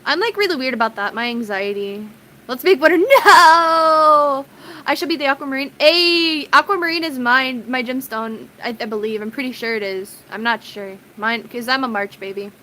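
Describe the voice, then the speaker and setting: High-voiced, chatty, giggly woman streamer. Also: fairly quick, sharp tone, a little hiss or hum, poor audio. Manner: chatty and giggly, greets chat viewers by name. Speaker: live streamer. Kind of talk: casual chat with stream viewers.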